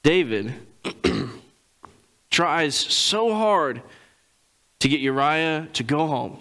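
A man preaching a sermon, reading scripture and retelling it in casual everyday speech, clearing his throat often. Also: fairly high pitch, very animated, extremely slow, pauses often, sharp tone, low-quality recording.

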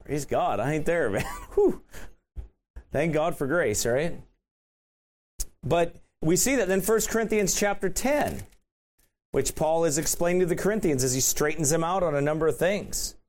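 Male preacher, high voice, casual sermon delivery with rhetorical questions. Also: lively intonation, normal speed, pauses often.

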